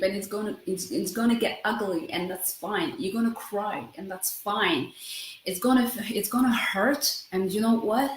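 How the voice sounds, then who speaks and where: Fast-talking woman in her thirties. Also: mid-range voice, reverberant, slight background noise, poor audio. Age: 30s. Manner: fast, self-interrupting, keeps asking "right?". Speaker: vlogger. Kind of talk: personal self-help vlog.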